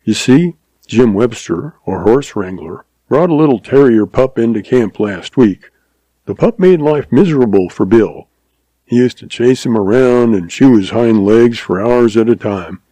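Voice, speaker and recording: A man voices a quick-witted young cowboy in a storybook reading, folksy, easygoing and earnest as he spins the tale. His mid-range voice is animated, mellow and close, recorded in a dry room with no echo.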